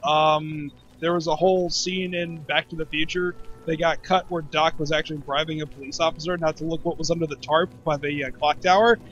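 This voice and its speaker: A man's voice: on the high side, fairly even intonation, brisk, few pauses, fairly bright tone, lo-fi sound. A man in casual let's-play chat, rambling and jokey as he plays. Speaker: game player and channel host.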